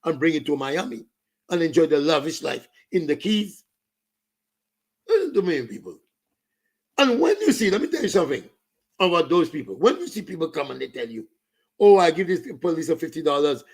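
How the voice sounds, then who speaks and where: Saint Lucian man, fiery political rant, raised pitch, gravelly edge. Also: big pitch swings, fairly quick, long pauses. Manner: ranting, switching into Creole and French. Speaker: political commentator.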